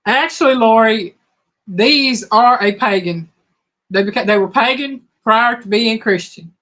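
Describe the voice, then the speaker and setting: Lady, hoarse voice, chatty live trivia host reading out viewer answers. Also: a little high, measured pace, fairly bright tone. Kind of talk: casual live-stream chat.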